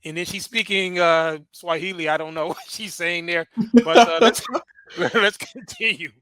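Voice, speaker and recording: A man's voice: a little high, normal speed, a loud crowd. A man with a Chicago accent hosting a livestream, giving slangy, laughing commentary. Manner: slangy, laughing often, says "bro". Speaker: host.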